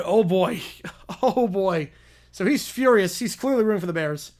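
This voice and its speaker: A man's voice: high-pitched, animated, moderate pace, darkish tone. A man hosting a livestream who reads a chaotic fan story aloud and keeps breaking off to comment and laugh. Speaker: livestream host.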